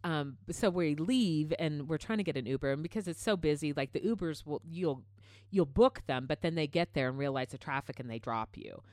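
A middle-aged woman telling travel stories in a casual chat as podcast host, animated and full of fillers, swearing freely. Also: low-pitched, a little fast, no room sound, studio quality.

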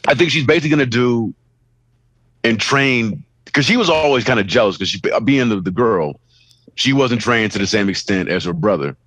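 A man's voice: medium pitch, lively intonation, normal speed, a bit bright, husky, no room sound, poor audio. A man co-hosting a podcast in a laid-back, rambling way, saying "you know" often and swearing casually. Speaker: podcast co-host. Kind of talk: casual chat.

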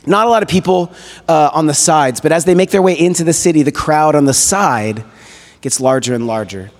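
Man preaching a story in an echoey hall. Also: on the high side. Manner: conversational, animated retelling with casual fillers. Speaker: guest preacher. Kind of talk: storytelling sermon. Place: church hall.

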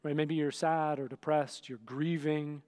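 A man's voice: on the high side, steady tone, measured pace, darkish tone. A male pastor giving a conversational sermon, often checking in with the listeners and acting out scenes. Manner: dramatic, acts out scenes.

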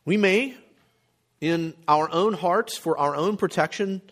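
A male pastor preaching a sermon, emphatic, with rhetorical questions and frequent throat clearing. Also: high voice, slow pace, a bit bright.

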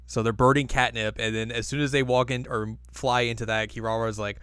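A man in a relaxed podcast chat with a mid-range voice and a close, dry sound. He recaps the story between laughs. He often slips into quick silly character voices. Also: mid-range voice, clean tone, no echo. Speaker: podcast co-host recapping an anime episode. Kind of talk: casual chat.

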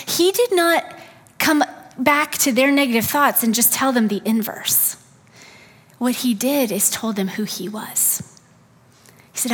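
Female preacher, husky tone, earnest sermon delivery with soft emphatic asides. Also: on the high side, lively intonation, unhurried. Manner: earnest, acts out quoted complaints, drops to soft emphatic asides. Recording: long hall reverb.

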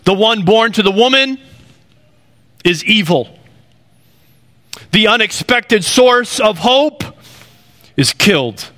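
Bright-voiced earnest male preacher. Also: sits high, expressive, slow pace, long pauses. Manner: earnest and conversational, with emphatic rising phrases. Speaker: pastor. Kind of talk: sermon.

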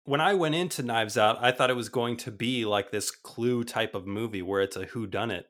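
A man's voice: mid-range voice, moderate pace. A man co-hosting a podcast, chatting casually about movies and leading the segments. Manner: relaxed, conversational, leads the segment. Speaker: podcast co-host.

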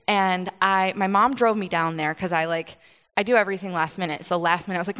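A woman's voice: lowish voice, a bit bright, smooth. Woman preaching in a reverberant hall. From Michigan, USA. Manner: casual storytelling, quick asides, laughs often. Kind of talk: conversational sermon.

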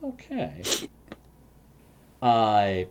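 A man's voice: on the low side, huge pitch swings, darkish tone, muffled recording, slight background noise. A man narrating a tabletop game as game master, with lots of fillers and restarts. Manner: halting, many fillers and restarts.

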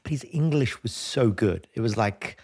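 A man's voice: medium pitch, expressive, moderate pace, a little mellow. A man hosting a conversational interview, chatty and curious, with stumbling restarts. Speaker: host.

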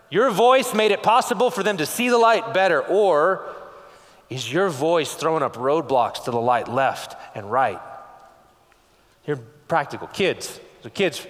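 West texas guy preaching, kinda high voice, lots of quick questions, big echoey hall. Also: fairly bright tone. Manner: conversational preaching, rapid rhetorical questions, frequent "okay?". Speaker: pastor. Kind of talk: sermon.

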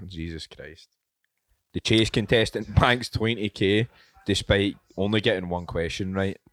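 A man's voice: on the low side, a little slow, a bit bright, no room sound. A man chatting casually as a podcast co-host, swearing and joking through loose banter. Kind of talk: casual chat.

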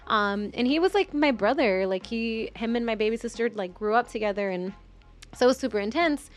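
A woman's voice: a little high, animated, a little fast. A young adult woman telling a long personal story in casual podcast chat, full of "like" and restarts. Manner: rambling, heavy use of "like", emotional retelling.

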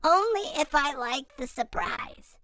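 Brash young boy frog, loud and bossy, storybook character, read by a woman. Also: sits high, big pitch swings, unhurried, voice pushed up, heavily acted. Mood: bargaining.

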